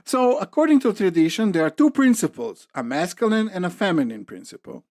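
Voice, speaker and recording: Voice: mid-range voice, very animated, brisk, darkish tone, no room sound. Podcast host, casual explanatory chat, step by step, frequent "okay?", dry close mic. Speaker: podcast host presenting a book reading.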